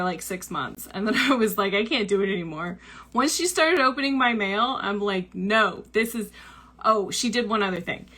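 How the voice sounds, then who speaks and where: A woman's voice: medium pitch, sharp tone. A young woman hosting a book club show, casually telling a personal story with lots of likes and ums. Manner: chatty, full of likes and ums, acts out quoted lines.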